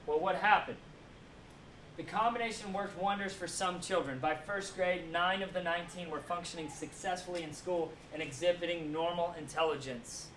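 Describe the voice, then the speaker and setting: A man with a fairly high voice lectures to a classroom and keeps asking "right?" to check that his listeners follow. He sounds far from the mic in an echoey room, with faint noise underneath. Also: fairly even intonation, moderate pace, a bit bright. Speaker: teacher.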